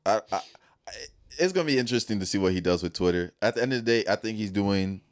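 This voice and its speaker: A man with a very low voice co-hosting a podcast, easygoing and quick to laugh. He talks loosely in slang with his co-host. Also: lively intonation, no echo, clean studio sound. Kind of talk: casual chat.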